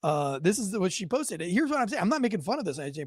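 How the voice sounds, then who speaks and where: Fairly high-voiced rambling male news host. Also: very animated, fast, hardly any pauses, slightly rough, no echo, clean studio sound. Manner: rambling, sarcastic asides, frequent self-corrections. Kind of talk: casual news commentary. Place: home.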